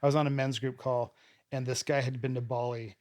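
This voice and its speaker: A man's voice: mid-range voice, level tone, brisk, darkish tone. An earnest man hosts a casual podcast chat in a mid-range voice. He tells personal stories and often cuts himself off to restart a sentence. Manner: earnest, storytelling, self-interrupting. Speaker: podcast host.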